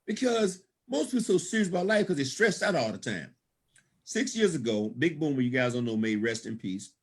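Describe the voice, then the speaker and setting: A guest speaker at a business opportunity event delivers a brisk motivational storytelling talk in a slightly rough, a little high, sing-song voice. He laughs frequently and calls out praise like a folksy preacher.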